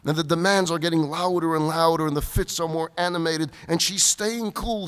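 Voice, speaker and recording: A man's voice: a little high, moderate pace, few pauses, smooth. A man, a rabbi, giving a sermon-style talk at a retreat, telling stories with emphasis on a stage microphone. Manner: animated storyteller, emphatic. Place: large event hall, live audience. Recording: reverberant hall.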